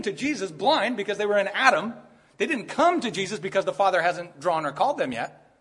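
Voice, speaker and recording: A man's voice: high-pitched, very animated, brisk, a bit bright, husky. A male pastor preaching an expository sermon in a conversational way, often checking in with "right?" and growing emphatic as his point builds.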